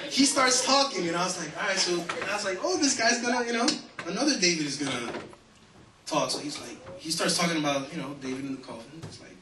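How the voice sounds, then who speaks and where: Animated man telling a story on stage. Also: high voice, a little fast, noisy background. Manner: animated, laughs through his own story. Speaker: stand-up comedian. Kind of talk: stand-up storytelling. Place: comedy stage. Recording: distant and echoey live venue recording.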